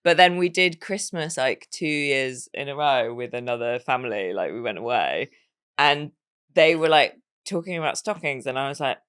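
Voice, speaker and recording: A woman's voice: extremely low pitch, normal speed, a bit bright, clear, resonant tone. A woman co-hosting a podcast, chatting in an easygoing, giggly way with casual slang. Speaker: podcast co-host. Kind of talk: casual chat.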